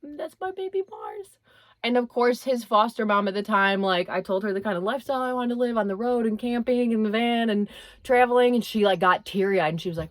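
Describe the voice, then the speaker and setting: A woman's voice: medium pitch, a little fast. A young woman vlogging in a rambling, self-deprecating, chatty way. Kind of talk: casual chatty vlog narration.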